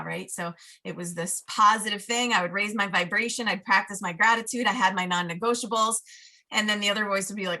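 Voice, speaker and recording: A woman with a bright, forceful voice chats as a podcast guest. She tells a personal story with animated energy and acts out the voices in her head. Her manner is lively and full of easy laughter. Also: mid-range voice, fairly quick. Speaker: podcast guest, life coach. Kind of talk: casual storytelling chat.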